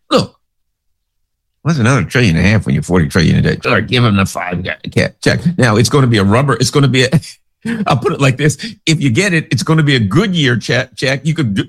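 A man's voice: medium pitch, expressive, brisk, husky. A man giving casual political commentary, rambling through sarcastic anecdotes.

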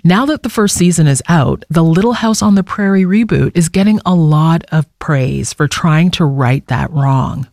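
A man's voice: a little high, normal speed, vocal fry, hardly any pauses, darkish tone, no echo, clean studio sound. A man hosting a radio show, telling stories and introducing a guest in a conversational way. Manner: conversational storytelling. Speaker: radio host.

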